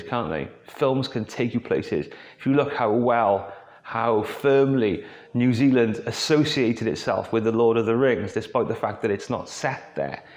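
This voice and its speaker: A man's voice: medium pitch, darkish tone. A Welsh man hosting his own channel, telling an anecdote in a chatty, rambling way with many asides. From Wales. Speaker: host. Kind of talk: casual anecdotal storytelling. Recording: roomy echo with faint music.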